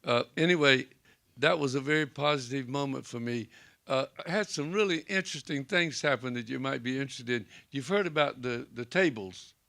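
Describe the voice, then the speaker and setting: A man's voice: mid-range voice, a little fast, vocal fry, bright, forceful tone. An older man with a Southern accent, a Presbyterian pastor telling stories on a panel and acting out the dialogue. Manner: folksy anecdotal storytelling, acts out quoted dialogue. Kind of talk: storytelling on a library panel. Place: library event room.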